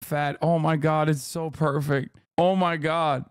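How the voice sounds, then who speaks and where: A man streaming, giving loud, joking, profane commentary as he reacts to videos and laughs often. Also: a little high, flat delivery, unhurried, noisy background.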